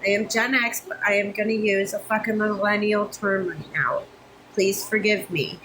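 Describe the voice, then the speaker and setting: Hot, flustered and fed up, a woman in her fifties swears openly while venting to her phone camera held close. She speaks at normal speed with medium pitch, a steady, fairly bright tone, and the rough recording carries slight hiss or hum.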